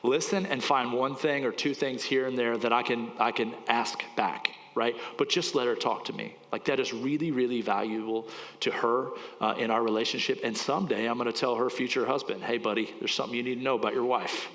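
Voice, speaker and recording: Speaking fairly quickly in a steady, medium-pitched, slightly bright voice, a man in his forties gives casual, rambling sermon teaching in church. He is at times choked up, and the hall's reverb lingers long.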